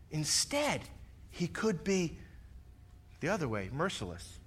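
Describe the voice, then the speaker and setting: With a fairly high, husky, sing-song voice, a middle-aged pastor who is also a fire lieutenant takes his sermon slowly, leaving long pauses. He shares personal stories, acts out what people said, and swings from loud to soft.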